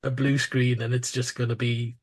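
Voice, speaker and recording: A man on a podcast, chiming in with quick agreements and short remarks. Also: mid-range voice, little pitch movement, husky. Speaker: podcast co-host. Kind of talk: casual chat.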